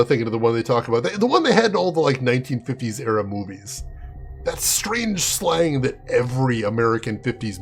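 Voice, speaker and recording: A man live-streaming a game in a chatty way, laughing often and answering viewers by name. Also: a little high. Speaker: game streamer reading chat. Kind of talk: casual live-stream chat.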